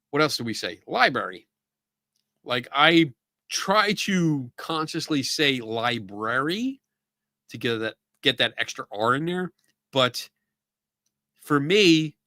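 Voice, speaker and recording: A middle-aged man from the Philadelphia area talks in a casual livestream chat, his Philly accent plain in every vowel. His voice is bright and forward. He rambles loosely, with plenty of ums and restarts, and the sound is close and dry. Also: medium pitch, dry recording. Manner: loose, chatty, with frequent fillers and restarts. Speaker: podcast host.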